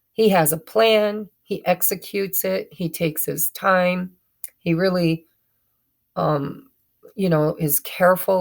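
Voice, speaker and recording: A tarot reader gives a chatty, casual reading to camera for her viewers, often stumbling over her words and correcting herself. Her voice is fairly low-pitched and gravelly.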